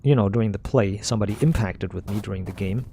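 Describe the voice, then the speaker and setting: Gravelly-voiced man, mid pitch, blunt rambling gamer commentary with faint engine hum behind. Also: fast, mellow. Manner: blunt, opinionated, repeats and restarts phrases. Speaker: gamer streaming a playthrough. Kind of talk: casual rambling commentary while playing.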